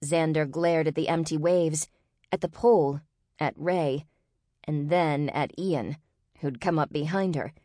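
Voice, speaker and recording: A woman reads an audiobook with steady, expressive narration. Her voice is low, and the recording is dry and close, with no room around it. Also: measured pace, no echo. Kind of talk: scripted narration.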